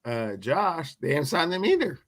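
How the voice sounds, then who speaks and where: A man's voice: fairly high pitch, big pitch swings, moderate pace, a bit bright. A man co-hosting a sports talk show, needling his partner and repeating the same question to pin him down. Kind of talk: heated sports debate.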